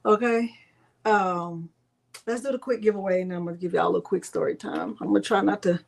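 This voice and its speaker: A middle-aged woman hosts a casual crafting livestream, greeting viewers by name and chatting warmly between steps. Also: mid-range voice, steady tone, fairly quick, gravelly. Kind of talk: casual livestream tutorial chat.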